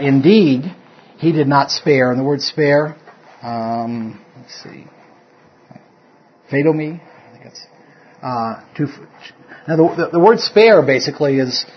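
This man's medium-pitched voice is a little slow and full of frequent pauses as he leads a loose Bible study, digressing, self-correcting, and chuckling often. It's a dull, lo-fi room recording with slight background noise.

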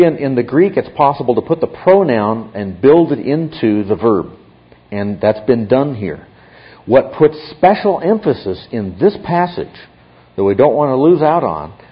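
A man teaching a Bible class, explaining step by step and often checking in with his listeners. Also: mid-range voice. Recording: dull lo-fi recording.

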